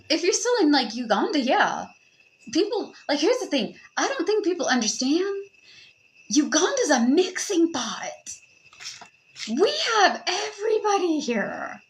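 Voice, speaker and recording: A young woman hosting a podcast, giving casual advice in an animated, joking way with frequent swearing. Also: high voice, normal speed, rough recording. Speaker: podcast host.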